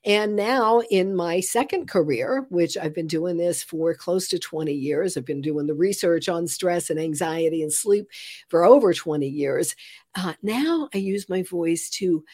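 A woman in her sixties with a lowish voice appears as a guest, a calm and sleep coach, in a conversational interview. She is expressive and playful, then shifts into slow, soothing guidance for breathing.

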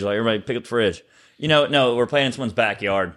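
A man's voice: lowish voice, rapid-fire, fairly bright tone. A man in casual chat, telling a story in a rambling way with many fillers.

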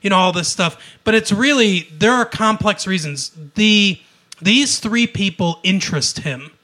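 A man co-hosting a casual podcast chat, retelling a TV episode in an animated way, acting out quoted lines and laughing often. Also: sits high, unhurried. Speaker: podcast co-host.

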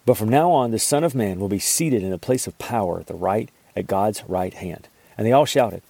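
A man reading scripture aloud and pausing to explain it in a devotional teaching. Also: lowish voice, animated, creaky, warm tone, no echo. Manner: reads scripture aloud, then pauses to explain it. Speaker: Bible teacher.

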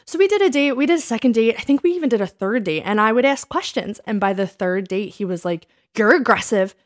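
A woman in her thirties, co-hosting a casual chat and telling her dating stories in an animated way, acting out what people said. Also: on the high side, quick pace. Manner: animated storytelling, acts out quoted lines. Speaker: podcast co-host.

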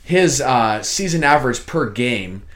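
A man's voice: mid-range voice, animated, a little slow, a bit bright. A young man co-hosting a casual sports podcast, laid-back and swearing freely, calling his friend dude. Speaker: podcast co-host. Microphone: own mic, muting himself at times.

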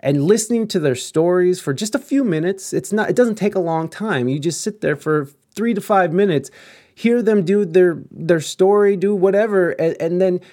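A man's voice: sits high, normal speed, mellow. Rambling, swearing man in casual chat. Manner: rambling, swears often, many restarts.

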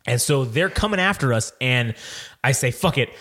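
A man hosting a podcast, telling a long story in a casual, animated way, swearing often and laughing as he goes. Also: mid-range voice, moderate pace. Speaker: podcast host.

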